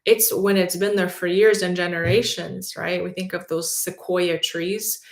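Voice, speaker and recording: A woman giving a faith-based motivational talk, telling a personal story in an animated way and acting out the people in it. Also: on the low side, measured pace. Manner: animated, acts out quotes, frequent "like". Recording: roomy echo.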